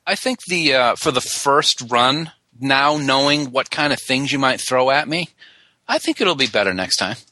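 A man co-hosting a podcast with a very bright, sharp tone, playful and quick to tease. His voice is recorded close and dry, with no room sound. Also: medium pitch, animated, no room sound. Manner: playful, laughing, teasing. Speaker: podcast co-host. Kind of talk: casual podcast chat.

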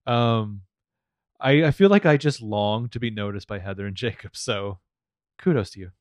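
An American man co-hosting a podcast, chatting casually, swearing often and narrating scenes with quick laughs. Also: lowish voice, no echo, studio quality. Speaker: podcast co-host. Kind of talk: casual recap chat.

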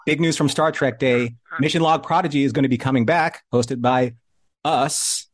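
A man's voice: mid-range voice, normal speed. Upbeat man co-hosting a live podcast. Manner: upbeat, playful, reads chat aloud. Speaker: podcast co-host. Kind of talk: live show chat.

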